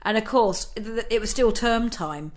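A woman's voice: on the high side, moderate pace. A middle-aged woman, a guest in an interview, telling a personal story in a chatty way, laughing often and using many fillers.

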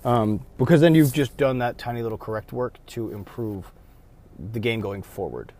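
A man talks casually from inside a car about refereeing, rambling along and correcting himself mid-sentence. His voice sits at an ordinary middle pitch, and faint traffic and street noise hums behind him. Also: normal speed. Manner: rambling, self-correcting, acts out players' shouts. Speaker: rugby referee. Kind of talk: casual vlog talk.

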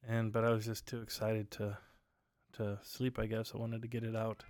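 A man speaks in a monotone at a moderate pace, his fairly low voice slightly dark, while rambling through stories with lots of fillers. It's his own casual solo podcast, recorded at home at night with no room sound.

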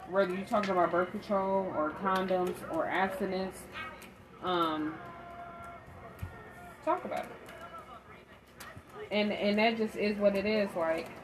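A woman telling a candid story in a blunt, emphatic monologue about parenting. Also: mid-range voice. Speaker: parenting vlogger. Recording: steady audible background noise.

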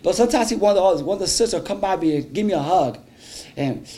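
A man's voice: high voice, lively intonation, quick pace, mellow. A male pastor preaching a fervent sermon, trading call-and-response with his congregation and breaking into speaking in tongues.

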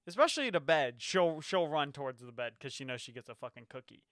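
A young man co-hosting a podcast, casual and teasing, animated and quick to laugh, on a close microphone. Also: on the high side, no echo. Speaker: podcast co-host. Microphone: close podcast mic.

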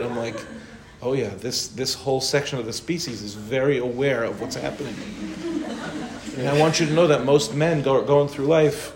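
This rabbi, mid-range in voice and moderate in pace, fields questions during a casual Torah class, sprinkling in Hebrew and Yiddish words. A crowd can be heard behind him, and the space sounds roomy with faint noise.

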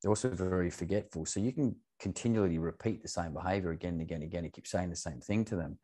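Man, very low voice, candid podcast guest. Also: fast, warm tone. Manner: earnest, open, swears casually.

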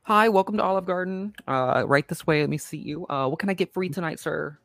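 A man's voice: on the high side, fast talker, gravelly, fairly bright tone, dry recording, voice pushed up. A man playing a careless, chirpy restaurant waiter in an improvised comedy scene. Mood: breezy. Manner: breezy, unbothered, sing-song.

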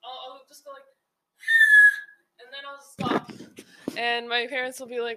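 A woman's voice: fairly high pitch, level tone, moderate pace, long pauses, pushed and bright, slight background noise. A teenage girl hosting her own podcast, chatting casually in a rambling, giggly way and often interrupting herself. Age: teens. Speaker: podcast host. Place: home.

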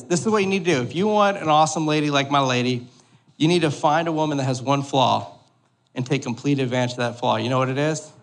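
A man's voice: fairly high pitch, a bit bright. A pastor in his thirties giving a sermon in a church hall, joking and conversational, often checking in with the congregation. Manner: joking, conversational, keeps asking "all right?".

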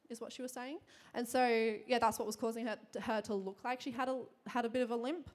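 A young woman preaching to a congregation in a chatty, quick way, full of fillers and bursts of laughter. Her voice sits a little high, and she moves easily between storytelling and teaching. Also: steady tone. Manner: chatty, fast, laughing often, many fillers. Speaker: church speaker. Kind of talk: sermon with personal story.

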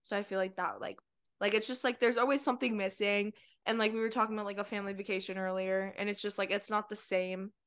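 A young woman speaks at a middle pitch in a casual podcast chat. She talks candidly and at length, drops plenty of "like"s, and leans on dark humor. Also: fairly even intonation, fast talker. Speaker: podcast co-host.

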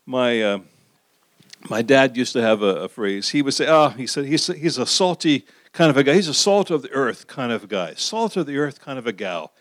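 A middle-aged pastor preaching a sermon in a conversational way, asking the audience questions and repeating phrases for emphasis. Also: male voice, mid-range voice, animated, moderate pace, dry recording, studio quality.

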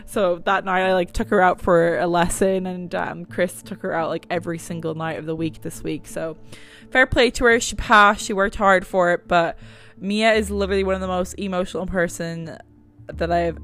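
Gravelly-voiced woman chatting. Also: lowish voice, normal speed. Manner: rambling, chatty, swears casually. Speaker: podcast host. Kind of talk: casual chat. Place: at home.

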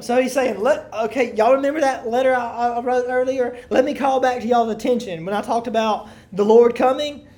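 A woman's voice: on the high side, brisk, few pauses, warm tone. A woman leading a Bible study, reading scripture aloud with emphasis and then explaining it in loose, casual talk to a room of listeners.

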